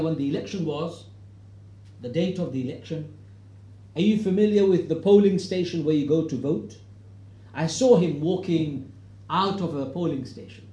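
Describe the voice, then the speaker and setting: Middle-aged guy telling a story to a crowd in a hall, acts out the voices, gets loud on the big points, mellow tone, lots of room echo. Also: on the high side. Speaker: speaker giving a talk to an audience. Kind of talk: storytelling public talk. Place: hall with an audience.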